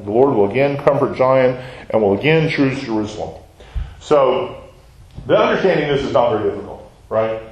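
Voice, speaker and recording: A man's voice: on the high side, darkish tone. A man teaching a Bible study, talking conversationally and putting questions to the class. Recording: echoey room.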